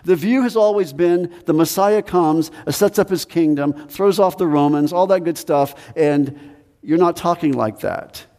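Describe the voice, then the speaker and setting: Male pastor, conversational sermon, emphatic pitch swings, long hall reverb. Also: a little slow, a little mellow. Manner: conversational preaching, pitch rises and drops for emphasis.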